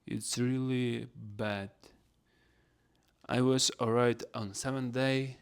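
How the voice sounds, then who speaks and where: A man's voice: medium pitch, fairly even intonation, slow, vocal fry, clean tone. A man hosting a casual solo podcast, rambling in non-native English phrasing. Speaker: podcast host.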